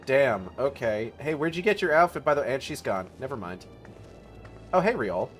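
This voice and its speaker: A man commentating on a game stream, mid-pitched and plain-voiced. He talks casually, makes playful asides and swears freely. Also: sing-song, brisk, soft background music.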